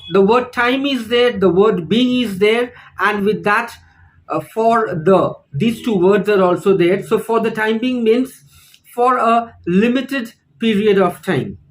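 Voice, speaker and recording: A teacher, explaining phrases slowly and deliberately in an online lesson, repeating each example. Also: mid-range voice, low-quality recording. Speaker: English teacher.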